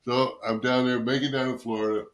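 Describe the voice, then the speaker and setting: A man's voice: medium pitch, level tone, fairly quick, echoey room, slight background noise. A man in his sixties, a guest on a podcast, telling long casual anecdotes, swearing and acting out what others said. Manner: rambling anecdotes, swears, acts out quoted voices. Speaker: guest, former football player. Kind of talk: casual storytelling interview.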